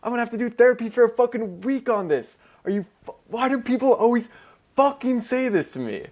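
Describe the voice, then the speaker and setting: A man's voice: very high voice, lively intonation, a little fast, darkish tone, voice pushed up. A man voicing a young woman friend, exasperated and swearing in an explosive rant. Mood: mock outrage. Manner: explosive profane ranting.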